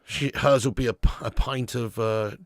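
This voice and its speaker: A man hosts a live football watch-along on his fan channel, bantering with chat, reading super chats and shouting at players in mock outrage. His voice sits at medium pitch with fairly even intonation and a moderate pace, in studio-quality sound with no echo.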